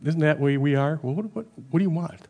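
A middle-aged man delivers a sermon in a loose, conversational manner. He keeps checking in with his listeners and swings between loud emphatic stretches and quiet, low asides. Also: quick pace. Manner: varies loudness a lot, rising for emphasis and dropping low. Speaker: preacher.

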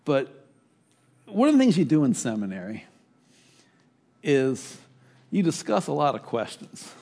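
A man's voice: a little high, wildly swooping pitch, a little slow, creaky, darkish tone. A middle-aged man preaching a sermon as pastor, conversational, with sudden rising emphatic bursts.

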